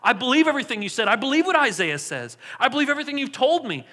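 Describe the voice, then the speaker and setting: A man's voice: very high voice, big pitch swings, racing, bright, forceful tone, exaggerated voice. A man preaching a sermon voices a rich Ethiopian official in a retold Bible story, speaking eagerly and with emphasis. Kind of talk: preacher voicing a quoted figure. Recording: long hall reverb.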